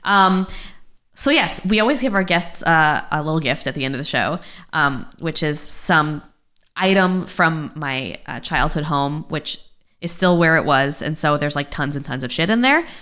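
A woman's voice: deep voice, lively intonation, normal speed, fairly bright tone. Wry, teasing woman podcast host. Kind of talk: casual podcast chat.

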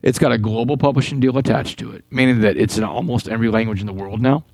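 Fast-talking man telling a story. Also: mid-range voice, gravelly, no echo, low-quality recording. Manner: animated storyteller, repeats words as he goes. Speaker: guest. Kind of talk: storytelling interview.

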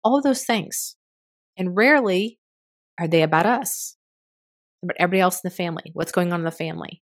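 A woman's voice: on the low side, brisk. A woman in her fifties hosting a solo podcast, talking candidly and with some frustration, with casual swearing. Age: 50s. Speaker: podcast host.

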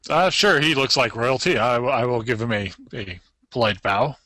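A man plays in a tabletop game, his voice bright and forceful. He talks quickly, tossing in joking asides, and the sound is dry and close. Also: mid-range voice, no echo. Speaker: player. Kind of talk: casual tabletop game play.

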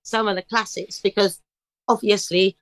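A middle-aged woman telling stories in a casual interview, lively, breaking into bits of song. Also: medium pitch, normal speed, no echo, poor audio. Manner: animated storyteller, bursts into snatches of song. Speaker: guest singer.

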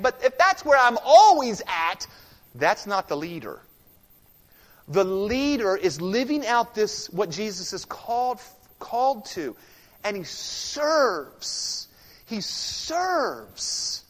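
Brief: male pastor, high and expressive voice, slow deliberate sermon delivery, alternating bold and hushed, long church reverb. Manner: emphatic, swings from loud declarations to hushed intensity. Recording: long reverb of a large sanctuary.

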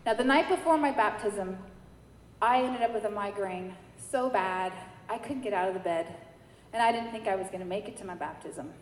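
A woman from New York giving a personal faith testimony, telling her story in a lively way and acting out the dialogue. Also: mid-range voice, moderate pace. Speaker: church member giving testimony. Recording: echoey hall with faint noise.

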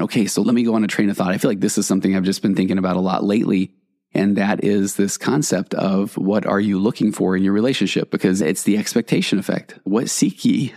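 A man's voice: fairly low pitch, gravelly, a little mellow. A middle-aged man, a marriage therapist hosting a solo podcast, explaining in a conversational way that wanders into tangents and acts out quoted partners.

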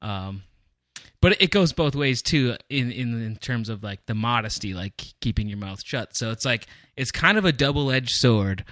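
A man's voice: mid-range voice, animated, normal speed, a bit bright, no echo. A man co-hosting a casual podcast chat, talking in long, thoughtful runs full of fillers. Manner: rambling, thoughtful, many fillers. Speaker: podcast co-host.

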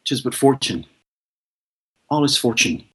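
A man's voice: medium pitch, very animated, measured pace, fairly bright tone. A man performing a proud, lovesick male steward in a classical stage monologue, played earnestly and straight.

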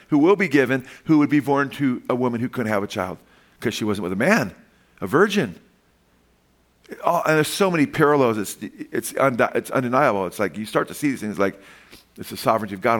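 A man preaching a sermon as a pastor, earnest, moving between soft, slow passages and sudden emphatic lifts. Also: medium pitch.

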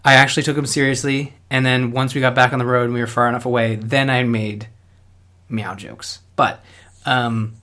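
A man's voice: mid-range voice, steady tone, moderate pace, pushed and bright. A young Canadian man with a Canadian accent, telling a rambling story in casual chat, full of fillers and restarts.

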